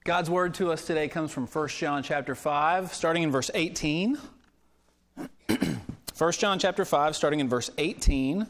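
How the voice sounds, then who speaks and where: A man preaching a sermon as a pastor, telling a story in a conversational way and getting animated when quoting others, in a church sanctuary. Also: on the high side, unhurried. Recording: long reverb of a church hall.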